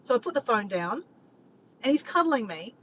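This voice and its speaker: An animated woman vlogger rambles casually to viewers on a live stream, her pitch swinging widely at a normal speed. She swears often and keeps calling out to "guys," and the recording is slightly muffled with faint background noise.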